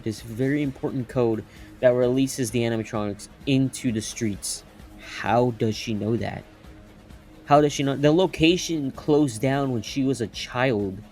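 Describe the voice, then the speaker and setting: A man's voice: medium pitch, a little mellow. A young man giving an unscripted movie review, rambling and incredulous, laughing often and swearing casually.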